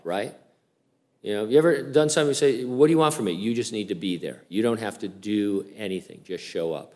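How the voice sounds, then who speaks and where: A man's voice: fairly low pitch, fairly quick, a little mellow. Chatty older male pastor, casual sermon. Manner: chatty and informal, with many fillers and restarts.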